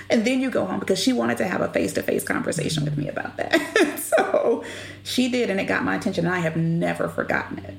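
A middle-aged woman telling stories as an interview guest, animated and expressive. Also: medium pitch, a little fast, vocal fry. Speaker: guest, business leader. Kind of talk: conversational interview storytelling. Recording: echoey room with faint background noise.

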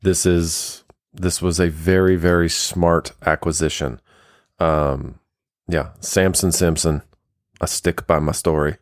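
A man co-hosting a sports podcast, answering in a relaxed way with fillers. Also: low voice, slow pace, no echo, clean studio sound. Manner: relaxed agreeing replies with fillers. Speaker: podcast co-host. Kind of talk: casual sports talk.

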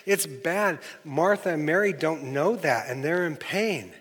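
A man's voice: fairly high pitch, expressive, a little slow, fairly bright tone, breathy edge. A male pastor preaching a sermon, telling the story with animation and acting out the people he quotes. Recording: long reverb of a large hall.

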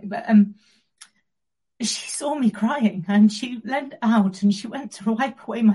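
A woman guest telling a personal story in an interview, earnest and reflective, with soft pauses. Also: fairly high pitch, breathy edge, poor audio.

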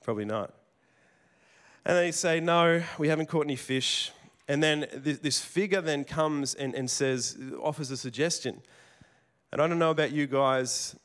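His voice sits a little high and a bit bright, moving at a moderate pace as he preaches. The sermon comes across as conversational storytelling with casual restarts and asides, spoken in a plain working tradesman's manner.

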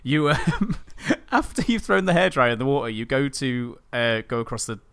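A man's voice: medium pitch, very animated, moderate pace, a bit bright, clean tone, dry recording. A man telling a game anecdote with frequent laughs. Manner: giggly, anecdotal. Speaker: podcast co-host. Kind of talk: casual chat about a video game.

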